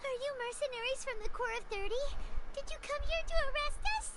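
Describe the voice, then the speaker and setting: A woman voicing a small, excitable floating fairy companion in a video game, asking chirpy, fast questions. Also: very high-pitched, slight background noise. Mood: alarmed.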